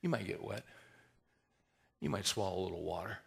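A man preaching a sermon in a folksy, conversational way, rising to emphatic swells and dropping to hushed prayer. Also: deep voice, brisk, vocal fry. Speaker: pastor.

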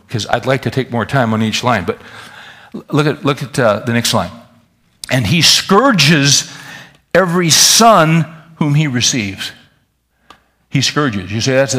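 A man preaching a sermon in a folksy, animated way, talking straight to his congregation. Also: mid-range voice, fairly quick. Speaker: pastor.

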